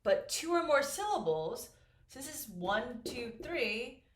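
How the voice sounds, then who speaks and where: Lively, slow-paced woman English teacher. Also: on the high side. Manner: patient, prompts learners with questions. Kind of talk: slow, clear classroom explanation. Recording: echoey room with faint noise.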